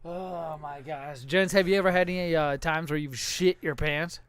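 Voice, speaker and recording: A man's voice: on the high side, normal speed, clean tone, no room sound. A middle-aged man telling crude stories as a podcast co-host, swearing freely and acting out the people in them. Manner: profane, animated, acts out voices in anecdotes. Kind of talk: crude casual storytelling.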